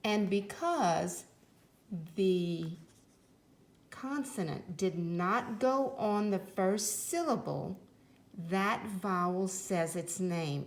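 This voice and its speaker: A woman teaching a phonics lesson to young children, speaking slowly and clearly in an encouraging way. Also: mid-range voice, a little mellow. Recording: roomy echo.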